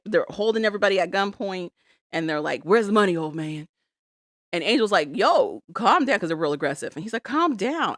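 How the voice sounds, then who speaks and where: A woman's voice: lowish voice, no echo, studio quality. A woman co-hosting a podcast, recapping a TV episode in casual chat and acting out characters' lines. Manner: animated storytelling, acts out quotes. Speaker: podcast co-host.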